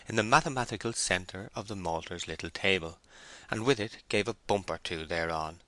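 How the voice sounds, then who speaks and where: A man reading a classic novel aloud in a measured, deliberate narration. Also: low voice, bright, forceful tone, no room sound. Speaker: audiobook reader.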